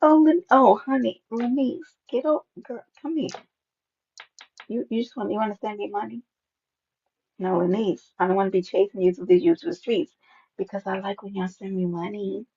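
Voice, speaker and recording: A woman hosting a casual live stream, sassy and animated, greeting viewers by name and often jumping into a high playful voice. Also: moderate pace, slightly rough. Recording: dull lo-fi stream audio.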